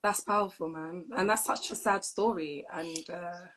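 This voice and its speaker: A woman's voice: fairly low pitch, fairly even intonation, normal speed, a crowd in the background, rough recording. Woman host asking supportive questions. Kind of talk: live interview chat. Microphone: phone on a live video stream.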